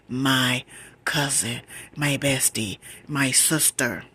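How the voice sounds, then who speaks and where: A woman whispers a personal story close to a phone mic in ASMR storytime fashion. Her whisper is bright and breathy, and her pitch climbs as the retelling grows emotional. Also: slow pace.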